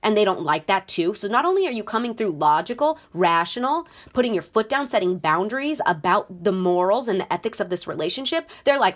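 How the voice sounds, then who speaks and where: A woman's voice: medium pitch, expressive, brisk, few pauses. Chatty swearing woman tarot reader. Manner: chatty, swears freely, addresses viewers directly. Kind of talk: casual tarot reading to viewers.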